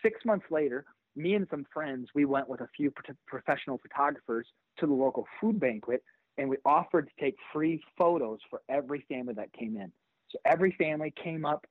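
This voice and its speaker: Animated pastor telling a story over a tinny line. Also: male voice, on the high side, fairly quick, dry recording. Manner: animated, acts out quoted voices. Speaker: pastor and author. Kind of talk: storytelling in an interview.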